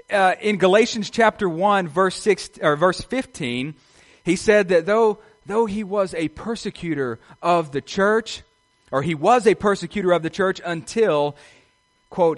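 Animated preacher with sweeping ups and downs. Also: male voice, sits high. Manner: rises and drops sharply in loudness, asks the congregation questions. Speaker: pastor. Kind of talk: sermon. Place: outdoors.

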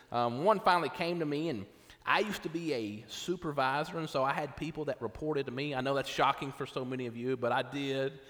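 A man's voice: on the high side, fairly bright tone. A middle-aged male pastor preaching a sermon in a casual, conversational way, often checking in with "right?". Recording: long reverb of a hall.

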